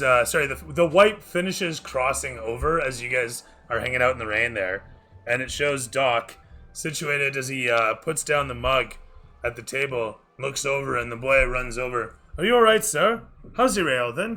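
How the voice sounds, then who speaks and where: Male dungeon master, bright and pushy tone, cinematic scene-setting. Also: medium pitch, moderate pace, faint music behind. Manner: cinematic narration with some fumbled restarts. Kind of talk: narrating a tabletop game. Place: home streaming setup.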